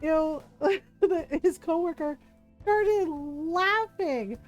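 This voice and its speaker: A high-pitched woman streamer chats casually as she plays a video game, telling a long story in a loose, rambling way. She leans on fillers like "like" and "right?" and breaks into laughter often. Faint game music runs quietly underneath her voice. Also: slow, highs cut off. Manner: laughs often while talking. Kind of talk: casual chat while playing a video game.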